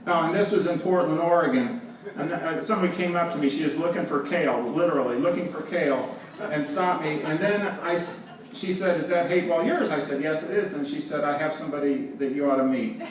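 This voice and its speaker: A man's voice: a little high, a little fast, a crowd in the background. Man telling wry stories in a hall. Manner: wry, laughing between anecdotes. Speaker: presenter. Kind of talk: storytelling talk on stage. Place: live event hall with audience. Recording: roomy, distant, with background noise.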